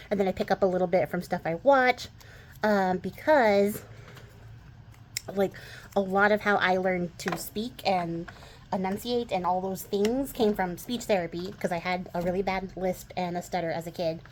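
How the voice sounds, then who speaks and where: Chatty and rambling, a young woman who hosts a crafting channel laughs a lot and fills her talk about crafts with fillers. She's from the western United States, and her lowish voice blends a West Coast accent with a mild Texas twang. There's slight background noise.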